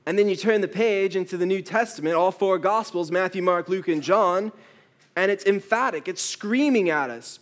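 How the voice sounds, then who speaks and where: A man's voice: high-pitched, moderate pace. A male pastor preaching a sermon, telling stories with playful quoted asides.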